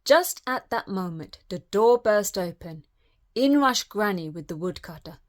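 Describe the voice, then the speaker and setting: A woman storyteller reading children's fairytales aloud in a lively, expressive way. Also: medium pitch, measured pace.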